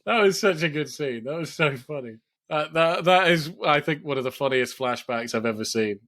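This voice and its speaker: A man's voice: fairly high pitch, expressive, normal speed, fairly bright tone. A man co-hosting a film podcast in casual chat, laughing often as he retells funny scenes and quotes their lines. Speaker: podcast co-host.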